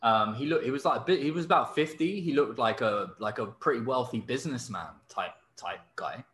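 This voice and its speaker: A man's voice: medium pitch, fairly quick, echoey room. A man hosting a podcast, telling a story casually with lots of fillers. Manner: animated storyteller, many fillers and laughs. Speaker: podcast host. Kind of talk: casual chat.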